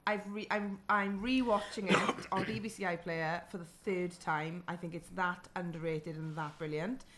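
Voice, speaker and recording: A young woman co-hosting a podcast in casual chat, chatty and quick with frequent giggles. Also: lowish voice, steady tone, a bit bright, a little hiss or hum. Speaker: podcast co-host.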